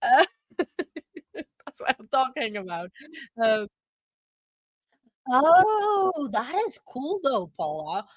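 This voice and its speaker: A woman with a slightly high voice hosts a live stream, rambling through casual chat and laughing easily. Her voice is picked up on a close, dry microphone with no room sound. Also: very animated, drawn-out words, long pauses, no room sound. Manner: chatty and rambling, laughs often. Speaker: livestream host.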